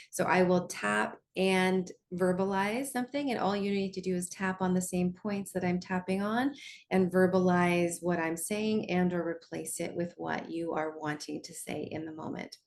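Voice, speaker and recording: A woman's voice: fairly low pitch, darkish tone, slight background noise. A woman coach leading a guided lesson in a conversational way, often checking in with her listeners. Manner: slows down to guide tapping.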